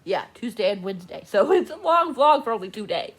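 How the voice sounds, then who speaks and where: A woman chatting casually in a book vlog, gushing and excitable, laughing often, talking from a room at home. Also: mid-range voice, fairly quick, husky. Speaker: book vlogger. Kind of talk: casual reading vlog chat. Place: home room with door open.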